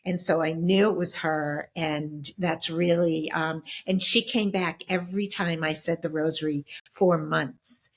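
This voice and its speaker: A middle-aged woman with a slightly low voice recounts her own experiences as an interview guest. She speaks reflectively, halting and restarting with frequent fillers as she searches for words. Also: steady tone. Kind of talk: personal storytelling in an interview.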